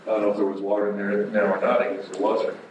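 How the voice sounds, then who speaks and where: A man making a public comment as a visitor at a meeting, hesitant and full of pauses and restarts. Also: on the low side, level tone. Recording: roomy hall, distant mic, clear noise.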